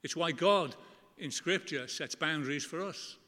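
A middle-aged man preaches in an earnest, conversational way, leaning on emphatic pauses. His voice sits a little high and rings bright and forceful. A long church reverb trails after each phrase. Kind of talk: sermon.

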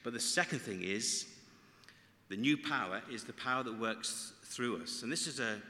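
A man's voice: medium pitch, lively intonation, normal speed, pushed and bright. A man preaching a sermon, earnest and emphatic, often restarting his sentences. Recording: echoey hall reverb.

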